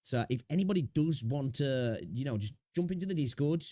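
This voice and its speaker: A man's voice: medium pitch, lively intonation, brisk, mellow, dry recording. Chatty man streaming, dry sound. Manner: chatty, laughs often, talks to chat with slang. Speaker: streamer reacting to videos. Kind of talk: casual live-stream commentary.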